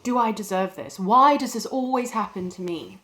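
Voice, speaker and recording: An actress playing a young wife who records a shaken video message to her mother, speaking softly and haltingly. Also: medium pitch, expressive, heavy background noise, lightly acted. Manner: soft, hesitant, halting delivery with quiet dips. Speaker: actor in a short film. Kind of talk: dramatic monologue as a video message.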